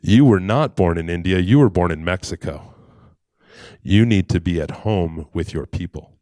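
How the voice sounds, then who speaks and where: Man voicing an old beggar sage, calm, measured, deep-ish. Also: dry recording, studio quality, close to an everyday voice.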